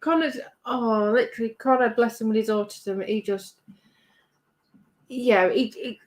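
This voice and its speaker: A British woman with a slightly raised pitch hosts a relaxed livestream from her craft bench. She reads out viewer comments and chats on in a rambling way, laughing easily. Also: a little slow. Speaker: livestream host. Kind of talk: casual chat reading viewer comments.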